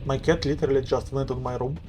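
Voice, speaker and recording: Male streamer, casual rambling self-talk, mid pitch, some background noise. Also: steady tone, fast talker. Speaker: game streamer. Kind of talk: casual live-stream chat.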